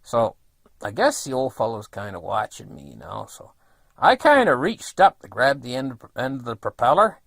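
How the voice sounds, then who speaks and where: A man's voice: medium pitch, very animated, moderate pace, creaky, a bit bright, no room sound, clean studio sound. A man in his fifties telling a long childhood story in a rambling, folksy way, with many fillers. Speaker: vlogger. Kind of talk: casual storytelling.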